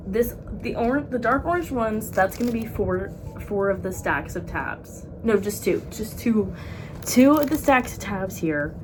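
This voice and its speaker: A woman book vlogger in casual chat, rambling and excitable with frequent laughs. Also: medium pitch, unhurried, a little hiss or hum.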